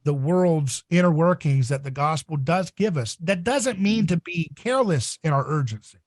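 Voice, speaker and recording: A man hosting a casual podcast discussion, talking in a rambling, animated way. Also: normal speed, no echo. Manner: rambling and animated, acts out voices in shrill squeals. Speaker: podcast host.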